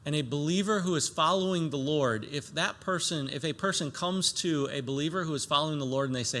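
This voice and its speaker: A pastor preaching a sermon, reading scripture aloud and explaining it earnestly, with emphatic raised lines and soft low asides. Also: male voice, fairly quick, few pauses.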